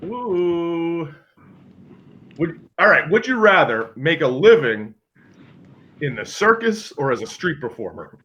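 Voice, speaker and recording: Man, co-host, animated storyteller, bright sharp voice, lively pitch, dull lo-fi call sound. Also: takes it slowly, pauses often. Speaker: co-host reading questions. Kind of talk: casual chat on a video call.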